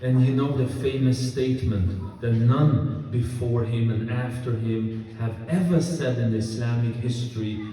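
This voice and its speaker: A man's voice: mid-range voice, measured pace, hardly any pauses, warm tone. A man preaching a sermon to an audience, telling stories and asking them rhetorical questions. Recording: echoey hall from far off, crowd audible.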